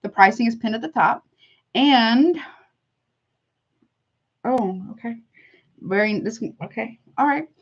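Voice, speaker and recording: A woman's voice: on the high side, animated, takes it slowly, long pauses. A woman doing a casual tarot reading for her viewers, chatty and heartfelt, calling listeners honey. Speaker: tarot reader. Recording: slightly dull lo-fi audio.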